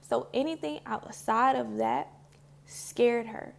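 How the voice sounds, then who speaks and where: Earnest woman with a gravelly, fry-edged voice. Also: on the high side, takes it slowly. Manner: earnest and heartfelt, loose with many "like"s. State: emotional, near tears. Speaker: spiritual healing vlogger. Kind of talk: casual reflective talk to camera.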